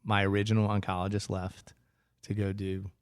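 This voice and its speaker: A man's voice: on the low side, monotone, normal speed, smooth, no room sound, clean studio sound. A man as a podcast guest, telling stories in a chatty, self-mocking way and acting out what people said. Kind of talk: casual storytelling interview.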